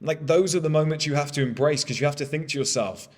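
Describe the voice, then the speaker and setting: A man's voice: fairly high pitch, quick pace, big-room sound. A man in his thirties giving a candid motivational monologue, blunt and swearing freely. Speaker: motivational speaker.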